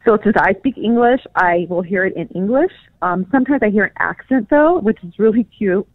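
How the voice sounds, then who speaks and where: A woman from California, a pet psychic appearing as a guest over a tinny phone line, chats casually in an interview with lots of fillers and easy laughter. Her medium-pitched voice is animated and a little fast, with no room sound.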